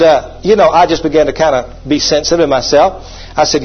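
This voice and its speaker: A man's voice: fairly high pitch, fast talker, husky. A man preaching a sermon emphatically and having the congregation repeat phrases. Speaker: pastor. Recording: dull lo-fi recording.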